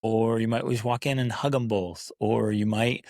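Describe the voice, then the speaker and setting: A man hosting a parenting podcast in casual talk, animated, acting out kids and parents in playful voices. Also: lowish voice, moderate pace, no room sound, clean studio sound. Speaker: podcast host.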